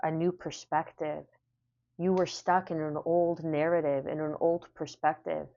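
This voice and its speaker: A woman's voice: deep voice, flat delivery, measured pace, mellow, dull audio. A woman giving a casual spoken tarot reading, repeating phrases in a soothing, affirming way. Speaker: tarot reader.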